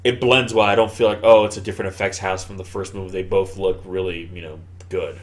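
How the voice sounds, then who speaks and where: An American man co-hosting a casual movie commentary, rambling and animated, swearing freely as he talks. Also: low-pitched, fast talker. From United States. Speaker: podcast co-host.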